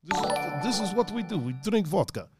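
A man imitates a pushy older club owner who won't take no for an answer. He speaks low and hushed, pressing the same insistence over and over. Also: big pitch swings, moderate pace, over music. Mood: insistent.

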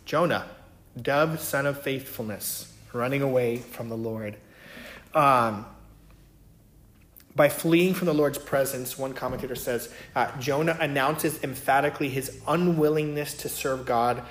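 A man's voice: medium pitch, a little slow, fairly bright tone. A man giving a casual Bible teaching, talking conversationally and often checking in with his listeners. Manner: conversational, many fillers and "right?" checks. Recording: echoey room.

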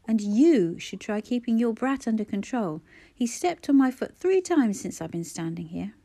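A woman's voice: fairly high pitch, animated, normal speed, warm tone. A woman voicing an impatient, pompous businessman who snaps and raises his voice irritably. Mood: furious.

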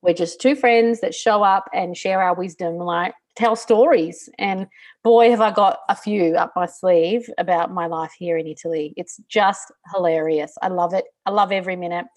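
A woman's voice: fairly low pitch, fairly even intonation, normal speed, darkish tone. A woman co-hosting a podcast in casual chat, heartfelt and reflective, often laughing. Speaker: podcast co-host.

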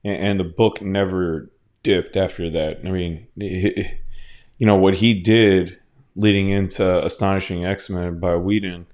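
A man's voice: low-pitched, fairly even intonation, measured pace, darkish tone. A man hosting a podcast, talking casually and at length, with many restarts and fillers, swearing freely. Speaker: podcast host. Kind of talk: casual solo podcast monologue.

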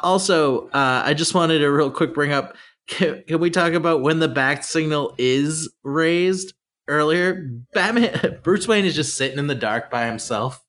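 A man co-hosting a podcast, chatting casually and jokingly about a movie. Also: a little high. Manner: animated, joking, quick to laugh. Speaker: podcast co-host. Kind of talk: casual movie-discussion chat.

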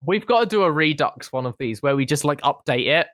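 A man's voice: fairly high pitch, animated, brisk, a bit bright, dry recording. A young man co-hosting a podcast, chatting casually, joking and laughing as he acts out quotes. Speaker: podcast co-host. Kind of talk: casual chat.

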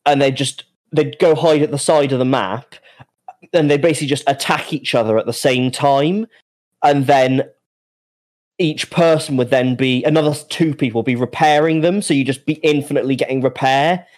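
Guy, mid voice, relaxed and sweary in casual chat. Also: medium pitch, moderate pace, poor audio. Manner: laid-back, sweary.

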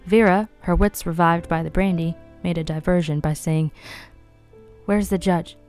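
A woman reading a mystery novel aloud in a measured, even way. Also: lowish voice, smooth, soft background music. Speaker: audiobook reader.

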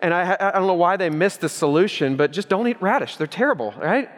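A middle-aged man preaching a sermon as pastor, emphatic and punchy, swinging between loud urgency and hushed gravity. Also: sits high, expressive, fairly quick, big-room sound.

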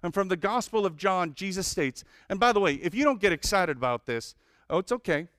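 A male pastor preaching a sermon, listing names of God with lively emphasis and humorous asides. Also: high voice, a little fast, no room sound, studio quality.

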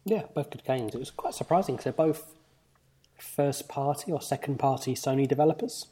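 A man in casual gaming chat, jokey and quick to laugh at his own slips. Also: medium pitch, dark tone, husky.

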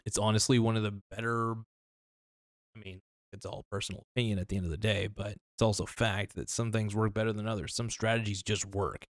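A man hosting a casual solo podcast, talking in a loose, rambling, profane way with many restarts, his voice a little worn and hoarse. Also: on the low side, level tone, a little fast, no room sound, studio quality. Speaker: podcast host.

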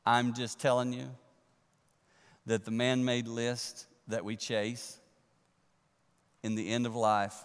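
A man's voice: lowish voice, clear, resonant tone. Man preaching in an echoing hall. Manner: animated, drops to a hush for emphasis. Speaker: pastor. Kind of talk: sermon. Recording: long reverb of a large hall.

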